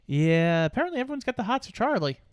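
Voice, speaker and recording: A man co-hosting a casual movie podcast, talking in a relaxed, rambling way. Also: high-pitched, fast, clear, resonant tone, no room sound, studio quality. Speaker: podcast co-host. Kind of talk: casual movie-review chat.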